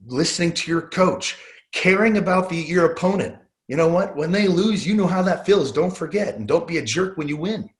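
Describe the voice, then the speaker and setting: A middle-aged man giving a sales training talk, earnest and motivational, repeating his key phrases. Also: a little high.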